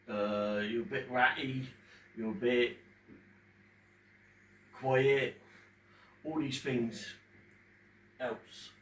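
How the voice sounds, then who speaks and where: A man in his fifties speaking emotionally at home in front of a fish tank, pausing often as he talks about his own experience. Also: medium pitch. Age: 50s. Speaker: vlogger talking about his depression. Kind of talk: unscripted personal talk to camera. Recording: echoey room, distant mic, faint background hum.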